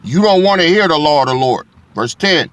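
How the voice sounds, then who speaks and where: A man's voice: fairly high pitch, expressive, fairly quick, a bit bright. A man preaching a blunt, profane sermon. He reads scripture aloud and keeps checking in with his listeners.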